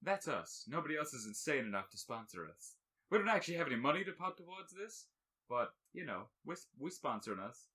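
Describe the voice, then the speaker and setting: Podcast co-host, male, bright tone, animated delivery, jokey and rambling. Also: on the high side, brisk. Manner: jokey, laughs often, rambling. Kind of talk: casual podcast chat.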